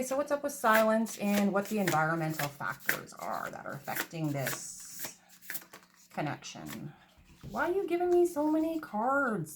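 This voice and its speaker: A woman's voice: mid-range voice, a little hiss or hum. Chatty, swearing woman tarot reader. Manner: chatty, swears freely, laughs at herself. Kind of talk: casual tarot reading. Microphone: phone camera.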